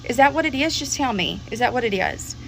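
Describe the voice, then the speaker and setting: A woman's voice: fairly high pitch, expressive, a little fast, gravelly, a little hiss or hum. A woman venting to camera in an exasperated, emphatic rant, repeating herself.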